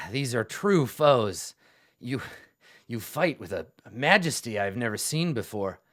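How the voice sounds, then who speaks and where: A man voicing a grim, zealous undead revenant warrior who speaks in low, sneering declarations. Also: sing-song, unhurried, fairly bright tone. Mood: grandiose.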